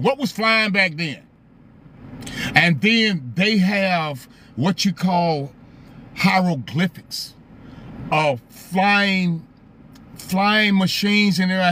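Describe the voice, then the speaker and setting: High-voiced guy chatting on a live stream, keeps saying hi to viewers and asking questions, faint hiss behind. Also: a bit bright. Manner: chatty, greets viewers by name, asks rhetorical questions. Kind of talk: casual live stream talk.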